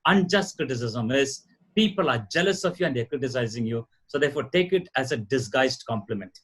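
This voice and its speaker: A man's voice: mid-range voice, lively intonation, a little fast, breathy edge. A middle-aged man with an Indian English accent, a trainer explaining ideas earnestly and with much repetition before a live audience. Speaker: guest speaker, corporate trainer. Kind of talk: lecture-style talk show answer.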